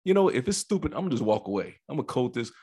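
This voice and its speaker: A man's voice: mid-range voice, rapid-fire, husky. A man, a police officer, co-hosting a podcast and telling a story in casual chat, acting out quotes as he goes. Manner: animated storyteller, acts out quotes with laughter.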